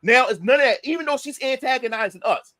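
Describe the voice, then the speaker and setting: A podcast guest with an extremely high voice talks quickly, recorded with no room sound. In casual storytelling, he animatedly retells a heated confrontation, swearing a lot and acting out everyone's quotes.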